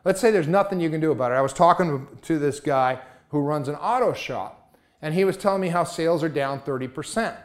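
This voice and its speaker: A man's voice: fairly high pitch, a little fast. A man giving a motivational talk, emphatic and full of rhetorical questions.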